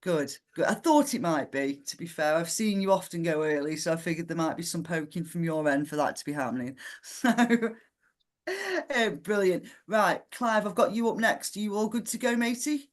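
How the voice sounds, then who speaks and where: A woman hosting an open mic poetry night, chatting casually and warmly, calling people mate and laughing often. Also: on the low side, normal speed. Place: live poetry night venue.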